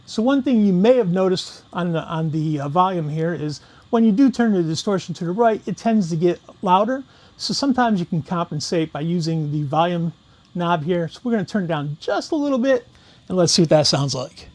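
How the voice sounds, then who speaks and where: A man with a fairly high voice gives a relaxed, casual walkthrough of guitar pedal settings. He moves from knob to knob in plain, unhurried talk. Faint guitar music sits behind him. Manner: relaxed, steps through each knob setting. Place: room with guitar gear.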